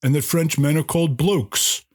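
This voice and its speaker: A man calling in to a comedy podcast, pitching absurd business ideas with a mock-grand pitchman delivery. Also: steady tone, moderate pace, a little mellow, slightly rough. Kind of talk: comedic podcast call-in bit.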